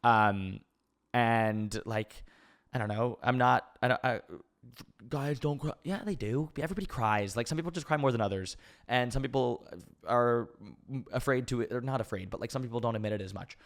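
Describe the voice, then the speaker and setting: A man's voice: mid-range voice, moderate pace. A man in his twenties hosting a casual podcast Q&A, rambling openly with many fillers and restarts. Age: 20s. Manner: open and emotional, laughs easily. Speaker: podcast host. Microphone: podcast mic.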